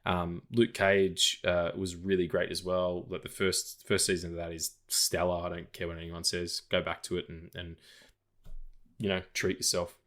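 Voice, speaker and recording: A man's voice: low-pitched, completely flat delivery, moderate pace, a bit bright. A man co-hosting a podcast, chatting casually about film news with lots of fillers, restarts and tangents. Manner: rambling, full of fillers and tangents. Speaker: podcast co-host.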